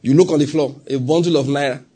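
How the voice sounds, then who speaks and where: Nigerian pastor preaching, husky voice. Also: male voice, fairly high pitch, fast talker. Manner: animated, acts out little scenes and asks the congregation questions. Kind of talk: sermon.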